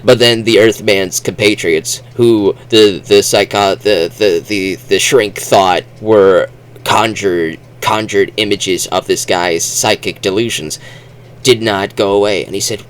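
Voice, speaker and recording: A man giving a casual, rambling book review vlog, talking haltingly and restarting his sentences. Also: lowish voice, steady tone.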